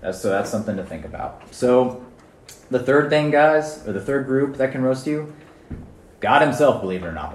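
Casual youth preacher, male, lively and chatty, mic a bit far off, echoey room. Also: fairly low pitch, slight background noise. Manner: conversational, animated, frequent "right?" and "guys". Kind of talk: casual sermon.

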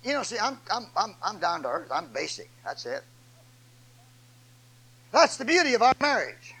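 Older guy preaching, pretty high voice, goes from shouting to low folksy storytelling. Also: sing-song, moderate pace, breathy edge, low-quality recording. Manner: repetitive, homespun delivery. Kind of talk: sermon.

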